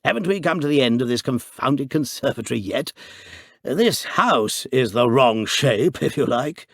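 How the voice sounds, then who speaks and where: A jolly, loud-mouthed doctor, put on by a male narrator in a storybook reading, hearty and dismissive. His voice jumps up and down with lively swings, and the sound is close and dry. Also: medium pitch, creaky, dry recording, pitched above the performer's own voice. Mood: jovial, dismissive. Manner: brisk and boisterous, laughing off talk.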